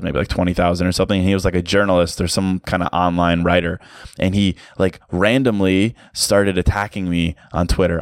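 A man's voice: sits low, no echo, clean studio sound. A man hosting a solo podcast, talking casually and reflectively, with lots of "like" fillers. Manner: casual and reflective, many "like" fillers, light laughs. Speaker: podcast host. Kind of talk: solo motivational podcast talk.

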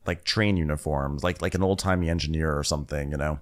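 A man's voice: extremely low pitch, steady tone, fast. A man co-hosting a comedy recap podcast, rambling and riffing with lots of "like" and "um". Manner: rambling, riffing, many likes and ums. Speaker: podcast co-host. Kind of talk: comic recap chat.

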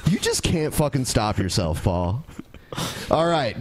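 A man's voice: mid-range voice, big pitch swings, measured pace. A man hosting a podcast, teasing and sarcastic in casual banter. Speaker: podcast host.

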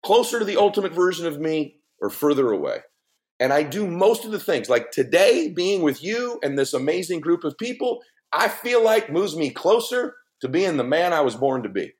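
A middle-aged man speaking as a guest on a podcast, telling a personal story in an earnest, emphatic way with big swings in pitch. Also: very animated, moderate pace. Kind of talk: heartfelt podcast conversation.

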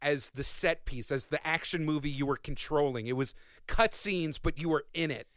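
A man's voice: a little high, moderate pace, a bit bright, no room sound. A man co-hosting a casual chat podcast, explaining with a wry, dry sense of humor. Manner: wry, explanatory, dryly joking. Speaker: podcast co-host.

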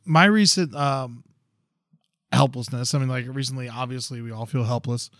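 A man's voice: mid-range voice, moderate pace, fairly bright tone, no echo, clean studio sound. A young man co-hosting a podcast, chatting casually and ranting bluntly with plenty of swearing. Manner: blunt, profane, heated rants. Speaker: podcast co-host. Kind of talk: casual chat.

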